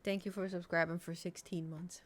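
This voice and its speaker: A woman's voice: fairly low pitch, little pitch movement, normal speed, slight background noise. A woman streamer chatting casually with her viewers, rambling and poking fun at herself. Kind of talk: casual live-stream chat.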